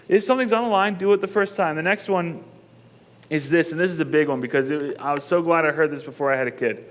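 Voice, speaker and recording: Joking, emphatic preacher in a reverberant hall. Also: male voice, a little high, fast talker. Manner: conversational and joking, rising to emphatic bursts. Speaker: pastor. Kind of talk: sermon. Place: church auditorium.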